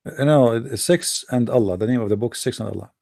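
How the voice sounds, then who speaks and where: A man hosting a debate show, talking off the cuff to his listeners with a gravelly, dark tone. He is emphatic and mocking and says things over again, in a dry, close sound. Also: mid-range voice, brisk, no room sound. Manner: emphatic, mocking, repeats himself. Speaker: host of an online debate show. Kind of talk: casual monologue to a live audience.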